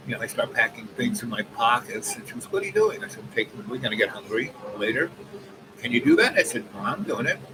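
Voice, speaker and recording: A man in his seventies rambling through a long personal story with many asides. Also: mid-range voice. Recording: noisy background ambience.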